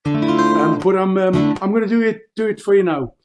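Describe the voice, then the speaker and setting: A man's voice: high-pitched, moderate pace, loud music behind the voice. A man, a folk singer, chatting jokily between songs on a video call concert, hesitant with ums and self-deprecating.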